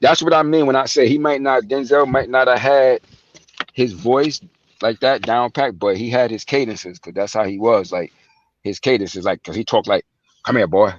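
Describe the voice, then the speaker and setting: A man's voice: medium pitch, normal speed. Guy on a phone stream telling stories, lots of slang, does the voices, kinda muffled. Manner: loose storytelling, acts out quotes, heavy slang. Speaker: guest, son of the movie's real subject. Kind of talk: casual livestream chat. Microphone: phone over online stream.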